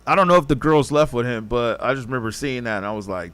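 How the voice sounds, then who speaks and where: Rapid and with few pauses, a man's mid-range, somewhat bright voice carries a casual podcast story. The host wanders, swears, and imitates what people said.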